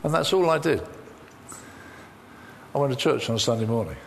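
A man's voice: mid-range voice, lively intonation, moderate pace, creaky, slight background noise. A man preaching a sermon, telling a personal story full of quoted dialogue. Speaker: pastor.

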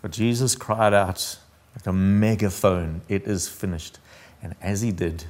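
A man's voice: low voice, unhurried, darkish tone. A man preaching a sermon as pastor, earnest and intimate, often dropping his voice almost to a whisper.

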